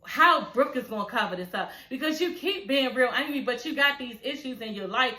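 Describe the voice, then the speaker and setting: Woman, reality show recap, animated, profane, laughing asides, bright sharp tone, roomy echo. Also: high voice, fairly quick. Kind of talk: casual recap commentary.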